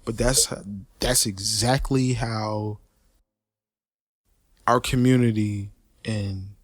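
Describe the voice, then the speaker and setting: A man, ranting in a profane, repetitive, animated way. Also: fairly low pitch, extremely slow, dry recording, studio quality. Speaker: podcaster. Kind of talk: unscripted rant.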